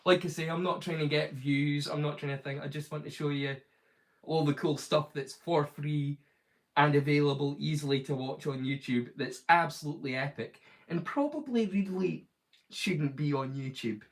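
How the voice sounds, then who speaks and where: A man's voice: on the high side, normal speed, low-quality recording. Rambling man, chatty streamer. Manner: rambling, loose, lots of "like" fillers and restarts. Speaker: streamer, host. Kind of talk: casual live-stream chat.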